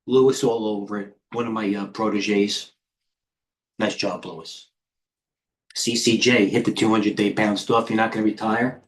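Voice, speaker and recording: A man's voice: fairly low pitch, steady tone, normal speed. A man, hosting a live trading stream in brash, rambling commentary that reads out chat and lets slip swear words. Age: 50s. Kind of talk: casual live market commentary.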